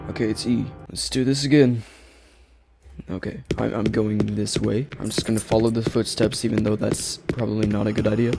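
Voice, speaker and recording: A man's voice: fairly low pitch, creaky. A man commentating a horror game, talking in a rambling, jumpy way and yelping when startled. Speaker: gaming YouTuber.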